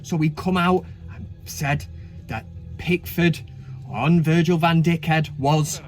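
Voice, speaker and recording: Cheeky, swearing man, slightly high voice. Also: steady tone, slow pace. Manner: cheeky, swears freely, chatty asides. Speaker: host. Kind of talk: casual comedic countdown commentary.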